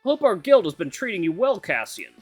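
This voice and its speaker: A man voicing a broad, genial male guildmaster in a put-on Russian accent, slow and stately. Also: high-pitched, huge pitch swings, slightly rough, no room sound, faint music behind, voice pushed up, exaggerated voice.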